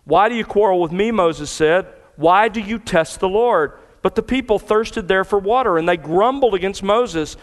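A man's voice: sits high, normal speed, few pauses, in a large hall. A man preaching a sermon to his congregation in earnest, building emphasis through repetition. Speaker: pastor. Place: church sanctuary.

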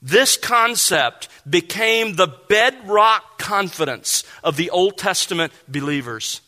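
A man preaching an expository sermon, reading Bible verses aloud and explaining them in a measured, emphatic way. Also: high-pitched, lively intonation, bright, forceful tone. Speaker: pastor.

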